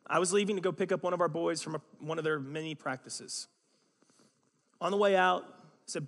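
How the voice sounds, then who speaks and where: A man's voice: a little high, fairly quick, fairly bright tone. Man preaching in a reverberant hall. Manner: conversational storytelling with self-mocking humor. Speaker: pastor. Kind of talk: sermon. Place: church sanctuary.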